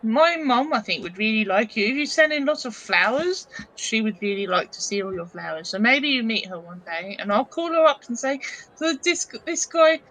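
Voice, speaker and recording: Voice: medium pitch, lively intonation, fairly quick, few pauses, a bit bright, rough recording. A player chatting in character during a tabletop game, giggly and tripping over names.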